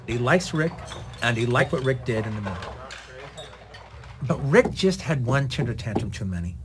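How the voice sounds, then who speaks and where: A man, a film director being interviewed, telling a long anecdote with lively delivery. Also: medium pitch. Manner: lively, acts out dialogue in the retelling. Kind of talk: animated anecdotal storytelling.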